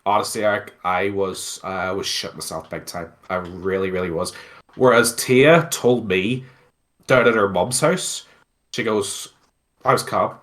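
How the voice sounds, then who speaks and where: A man's voice: low voice, a little slow. Chatty Belfast man telling a story. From Northern Ireland. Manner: animated, swears freely, many fillers. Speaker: interview guest, streamer. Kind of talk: casual storytelling.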